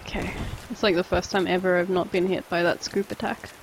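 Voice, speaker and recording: A woman's voice: on the low side, little pitch movement, fairly quick, background noise. Chatty Australian woman streaming a game. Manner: chatty, rambling, reads and answers chat. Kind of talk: casual live-stream chat while playing.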